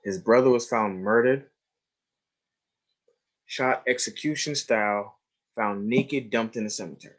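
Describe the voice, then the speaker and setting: A man's voice: fairly low pitch, unhurried, pauses often. An emphatic man telling classroom stories. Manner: emphatic storyteller, swings between hushed and raised, stretched phrases; addresses listeners directly with "right?" and "you see?". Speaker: trauma educator presenting a webinar. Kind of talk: webinar lecture with storytelling.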